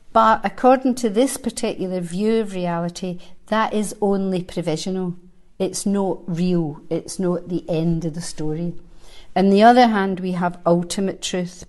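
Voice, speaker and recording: With a lowish, somewhat dark voice, a woman in her sixties leads a dharma talk for a live group at a centre. The Buddhist teacher keeps it conversational and lightly funny, pondering aloud in between reading verses.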